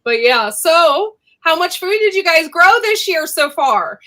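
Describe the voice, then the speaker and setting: A woman's voice: very high voice, very animated, unhurried, pushed and bright, poor audio. A woman hosting a casual live chat, talking chattily and laughing often. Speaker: host.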